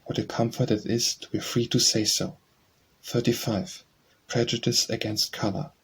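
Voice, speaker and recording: A man narrating an audiobook memoir in a measured, even reading. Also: medium pitch, husky. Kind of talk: scripted narration.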